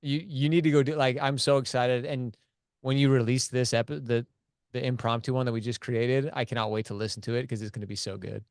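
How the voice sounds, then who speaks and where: Male podcast guest, smooth clear voice, dry sound, enthusiastic and chummy. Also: medium pitch, fairly even intonation, a little fast, a little mellow, dry recording. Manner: enthusiastic, says "dude" and "man" a lot. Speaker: podcast guest, media company founder. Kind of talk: casual podcast chat.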